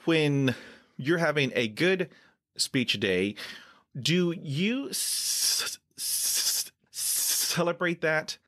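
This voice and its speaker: A man hosting an interview, talking with a stutter, with frequent repeated sounds and easy laughter. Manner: stutters with blocks and repetitions, laughs often; slow, animated, pitch jumps when laughing. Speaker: podcast host. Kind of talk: conversational interview.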